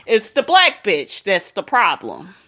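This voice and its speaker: A woman's voice: medium pitch, wildly swooping pitch, slow, sharp tone. A young adult woman giving casual commentary to her viewers, blunt and outspoken, often addressing them directly. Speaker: commentary vlogger.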